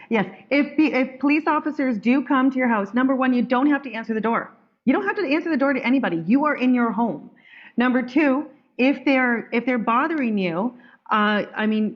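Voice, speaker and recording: Blunt woman hosting a group call. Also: a little high. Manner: blunt, firm, rambling with restarts. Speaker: call host. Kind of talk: group video call talk. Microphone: video call. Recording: dull lo-fi call audio.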